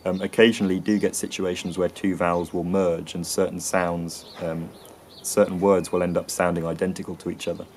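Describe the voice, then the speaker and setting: English male presenter, low and even voice, hesitant explanatory delivery. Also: fairly quick, a little hiss or hum. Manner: hesitant, frequent ums and restarts. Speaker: accent and linguistics presenter. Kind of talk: explanatory lesson.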